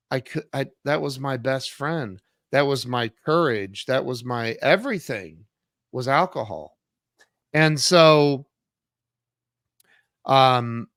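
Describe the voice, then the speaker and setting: In an interview, a middle-aged man who is an author and CEO earnestly recounts his own story. When he acts out past dialogue, his voice makes sudden loud jumps. His pitch is medium, and the recording is clean, echo-free and studio quality.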